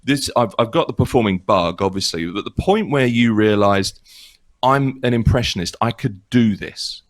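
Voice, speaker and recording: A middle-aged man hosting an interview over a video call, relaxed and joking with his guest. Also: fairly low pitch, normal speed. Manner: relaxed, joking, lively intonation. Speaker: interview host. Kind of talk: casual interview chat.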